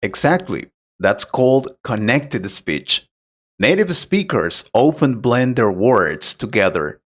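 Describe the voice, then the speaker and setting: A man acting as an English teacher who explains pronunciation tips patiently and clearly in a scripted conversation lesson. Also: medium pitch, big pitch swings, slow pace.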